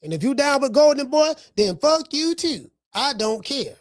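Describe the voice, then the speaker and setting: A woman's voice: high-pitched, big pitch swings, moderate pace, no echo, clean studio sound. A woman hosting a podcast, delivering brash, profane boxing commentary with lots of repetition. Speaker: podcast host.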